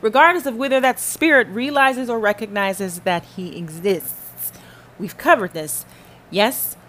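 Here a woman podcast host preaches about faith in a casual, emphatic way, talking directly to whoever is listening. Her pitch is fairly high, her tone a bit bright, and her pace a little slow.

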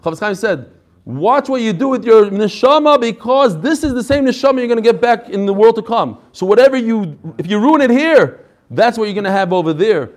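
A man's voice: sits high, expressive, brisk. A male Torah teacher giving a classroom lecture, reading each phrase and then explaining it with energy, adding chatty asides and jokes.

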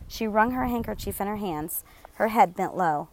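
A woman narrating a chapter of an audiobook in a steady, measured storytelling voice. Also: medium pitch. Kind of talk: scripted narration.

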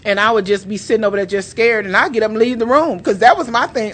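A woman on a podcast in casual chat, an animated storyteller who acts out the quotes in her stories. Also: a little high, fast talker, hardly any pauses.

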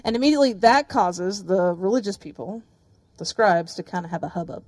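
A woman's voice: mid-range voice, brisk, a little mellow, dry recording. A woman pastor preaching a sermon, telling the story vividly and speaking directly to her listeners.

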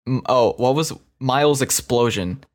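A young man co-hosting a podcast, teasing his friends with playful, deadpan banter in casual chat. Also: mid-range voice, a little slow. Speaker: podcast co-host.

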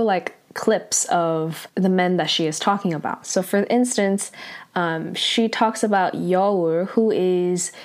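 A woman's voice: lowish voice, a little mellow. A woman casually recapping a TV drama episode, chatty and full of "like", briefly acting out the characters' lines.

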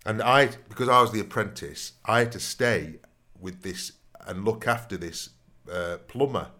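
A man's voice: on the low side, moderate pace, sharp tone. A man telling long, rambling stories in a casual podcast chat, often adding "you know what I mean". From Nottingham, England. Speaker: podcast co-host.

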